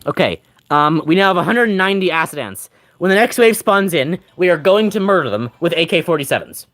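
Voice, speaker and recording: A man rambles through casual game commentary, answering his chat with jokes and frequent laughter. His voice sits high for a man and swings lively up and down, and faint music plays behind him. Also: fairly quick. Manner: rambling, jokey, laughs often. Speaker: gaming streamer.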